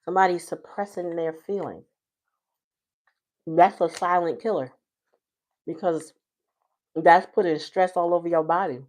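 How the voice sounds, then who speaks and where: Woman tarot reader, low voice, relaxed slangy livestream chatter. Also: measured pace, pauses often. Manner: chatty, loose, folksy slang. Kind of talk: casual livestream tarot reading.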